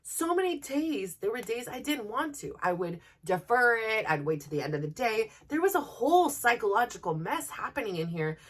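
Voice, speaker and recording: A woman's voice: a little high, very animated, normal speed, hardly any pauses, recorded from a distance. A woman hosting a podcast, talking candidly and earnestly to her listeners in a personal motivational monologue. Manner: earnest, open and personal, speaking directly to listeners. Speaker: podcast host.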